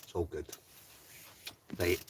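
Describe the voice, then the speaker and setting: A man from Scotland takes it slowly as he hosts a live stream inside a hot tent, casually chatting, reading out viewer comments and often ending with "right?". He is recorded from a distance, and there's a little hiss or hum.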